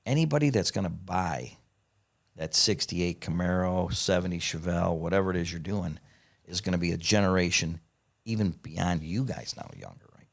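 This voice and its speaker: A man telling stories as a podcast guest in casual chat, excitable and profane, swearing as he talks. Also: low-pitched, normal speed, vocal fry. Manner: excitable, profane, animated storyteller.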